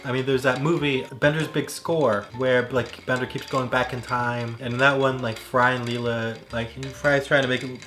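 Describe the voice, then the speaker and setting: A man's voice: mid-range voice, fairly even intonation, moderate pace, few pauses, a bit bright. A man mixing cocktails at home, chatting casually and rambling into tangents with lots of "like" fillers. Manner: rambling, heavy on "like" fillers, digressive. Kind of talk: casual chat while mixing drinks.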